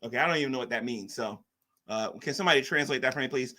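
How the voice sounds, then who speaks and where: A man's voice: medium pitch, very fast, bright, forceful tone. A man hosting a live stream, mocking and arguing with chat commenters in a casual rant. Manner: mocking, combative, reads chat aloud.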